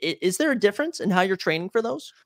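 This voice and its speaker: A man hosting a podcast with a fairly high, gravelly voice. He keeps his reactions short and follows up with curious questions, recorded close and dry. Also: sing-song, fast, dry recording. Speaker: podcast host. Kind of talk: casual interview chat.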